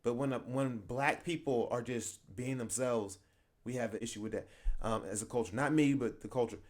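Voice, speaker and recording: A man's voice: medium pitch, normal speed, a little mellow. A young man hosting his channel, reacting in casual commentary, conversational and laughing often as he makes his points. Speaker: channel host reacting to a video.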